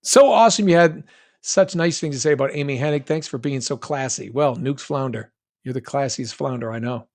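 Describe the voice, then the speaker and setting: A man's voice: mid-range voice, a little fast. A middle-aged man from New England chatting casually on a live stream, reading fan comments and rambling with frequent restarts. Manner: rambling, self-interrupting, reads fan comments aloud. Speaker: voice actor answering fan questions on a live stream.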